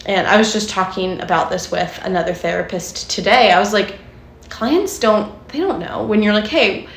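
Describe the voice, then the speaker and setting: A woman's voice: mid-range voice, moderate pace. Woman therapist chatting in an echoey room. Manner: explains with frequent "like" and "right?". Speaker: podcast co-host, therapist. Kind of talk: casual chat.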